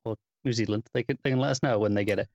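A man's voice: lowish voice, fairly even intonation, very fast, darkish tone, dry recording, lo-fi sound. A man co-hosting a podcast, dropping dry, wry asides in casual chat. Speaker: podcast co-host.

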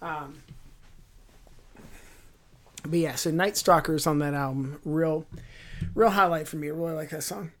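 A man's voice: a little high, steady tone, fairly quick. A man co-hosting a podcast from a room at home, chatting casually and enthusiastically, rambling and correcting himself as he goes. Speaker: podcast co-host. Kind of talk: casual chat. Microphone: headphones with mic at home.

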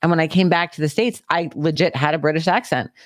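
A podcast co-host chatting casually about politics with wry, teasing, drawn-out phrasing. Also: medium pitch, no echo, studio quality.

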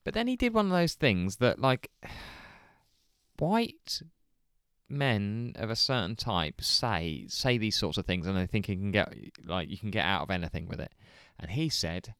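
Male co-host, low voice with a lively range, animated storyteller who swears and laughs, dry close sound. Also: a little slow, clear, resonant tone, no echo. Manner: animated, swearing, laughs often, acts out quotes loudly. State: hungover. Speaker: podcast co-host telling a story. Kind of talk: casual chat, storytelling.

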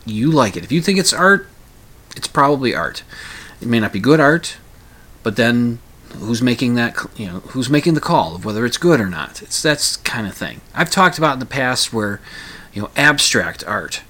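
A man's voice: mid-range voice, sharp tone. A middle-aged man rambling through a casual personal monologue, full of fillers, restarts and dry humor.

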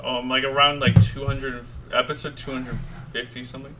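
A man's voice: mid-range voice, little pitch movement, normal speed, heavy background noise. A young man hosting a casual podcast, rambling and joking with friends, swearing freely. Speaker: podcast host. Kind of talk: casual chat.

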